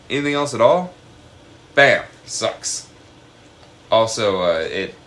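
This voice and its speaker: A man with a fairly low voice chats loosely on a podcast, drifting between tangents and laughing at his own jokes. He swears casually, and a faint hiss sits under the recording. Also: a bit bright. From Washington state, USA. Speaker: podcast co-host. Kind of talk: casual chat.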